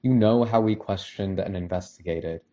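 A man voicing an anguished middle-aged husband who speaks forcefully and emphatically in a storybook reading. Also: low-pitched, moderate pace, lightly acted.

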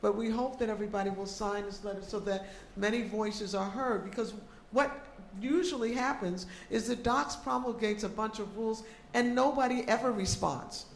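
A woman's voice: medium pitch, moderate pace, hardly any pauses, a little hiss or hum. A woman organizer addressing a community meeting, speaking conversationally and checking in with the audience. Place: meeting room. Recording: echoey meeting room.

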